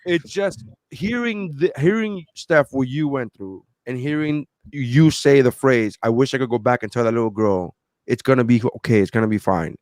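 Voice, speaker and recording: A man in his thirties co-hosts a podcast, telling a story with lively animation and acting out other people's voices in casual chat. His voice sits in the mid-range at a moderate pace, recorded with clean studio sound and no echo.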